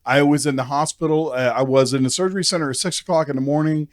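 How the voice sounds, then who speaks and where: A man hosting a podcast, chatting casually and relaxed, often giving short affirming murmurs. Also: on the high side, fast, no room sound, clean studio sound. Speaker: podcast host.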